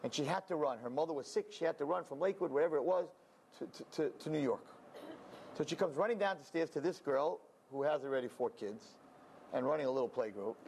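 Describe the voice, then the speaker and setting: A man's voice: fairly high pitch, quick pace, gravelly, a little mellow, a little hiss or hum. A man telling a story animatedly, sprinkled with Yiddish words. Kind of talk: told story.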